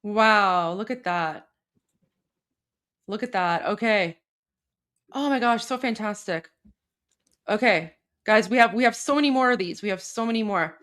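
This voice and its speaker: A woman co-hosting a livestream, commenting on crowd videos with excited, exclamatory reactions. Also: medium pitch, measured pace, long pauses. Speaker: livestream co-host.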